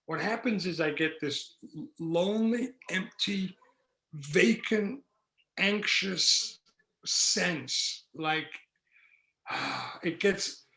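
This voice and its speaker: A man's voice: a little high, gravelly, a bit bright, roomy sound. A man speaking at a recovery meeting, telling his story candidly and with self-mockery, using rhythmic repetition and acting out the voices in his head. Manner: acts out inner voices and dialogue.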